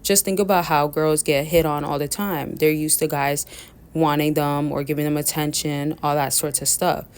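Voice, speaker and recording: A woman with a fairly low, unhurried voice gives casual relationship advice to men. She talks in a loose, rambling way, circling back to her points. She often turns to her viewers with y'all. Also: steady tone, clean tone. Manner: rambling, chatty, keeps addressing listeners as y'all. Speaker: dating coach.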